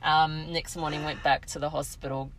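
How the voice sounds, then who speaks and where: A woman's voice: deep voice, flat delivery, normal speed, slight background noise, rough recording. A middle-aged woman, co-hosting a podcast and telling a story in casual chat, laughing and acting out quotes. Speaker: podcast co-host.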